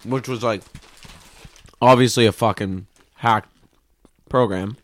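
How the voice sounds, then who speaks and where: A man's voice: on the low side, steady tone, takes it slowly, a bit bright. A man co-hosting a podcast, telling stories in casual chat, swearing freely and acting out the voices of the people in them. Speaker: podcast co-host.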